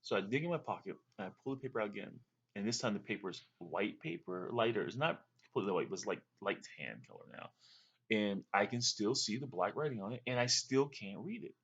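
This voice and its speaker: A man's voice: lowish voice, expressive, brisk, fairly bright tone, breathy edge, dull audio. A man telling a long, rambling story to camera in a casual way, with fillers and restarts. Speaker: vlogger recounting a dream.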